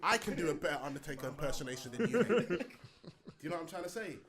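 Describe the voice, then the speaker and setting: A man rants through casual podcast banter, his voice pitched high and swinging wildly up and down. He piles on slang and repeats himself, and other people chatter and laugh in the background. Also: lively intonation, very fast.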